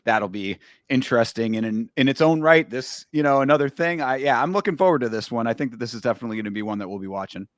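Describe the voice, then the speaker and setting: A man's voice: medium pitch, animated, quick pace, hardly any pauses, dry recording, studio quality. A man hosting a casual podcast, talking in a rambling way with many restarts and asides. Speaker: podcast host. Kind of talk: casual chat.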